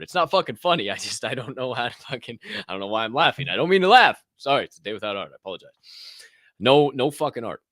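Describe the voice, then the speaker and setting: A man's voice: medium pitch, a bit bright, no echo, studio quality. A man hosting a podcast, joking and swearing casually, laughing at his own bits. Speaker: podcast host. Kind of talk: casual chat.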